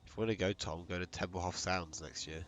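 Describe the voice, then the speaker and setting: Very deep British male co-commentator, loose and jokey, rambling delivery. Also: steady tone, fast talker, fairly bright tone. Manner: joking, swears, trails off with ums. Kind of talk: casual race commentary.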